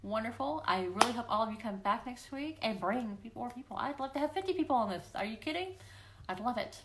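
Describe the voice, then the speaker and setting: Her voice is on the high side, expressive, quick, and a bit bright. As host of a weekly live Q&A stream, she speaks casually and encouragingly to viewers and often plays out quoted voices for fun, using a livestream computer microphone.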